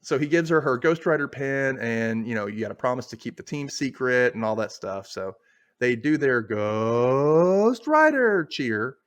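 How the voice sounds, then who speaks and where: A man's voice: medium pitch, normal speed. A man hosting a casual podcast, retelling scenes and acting out the characters' lines. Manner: animated retelling, acts out lines. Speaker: podcast host. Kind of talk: casual recap chat.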